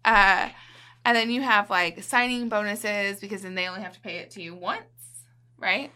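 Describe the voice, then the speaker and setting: A woman's voice: medium pitch, moderate pace, bright, forceful tone, smooth. A woman chatting casually as a podcast guest. She is talkative and often checks in with "right?".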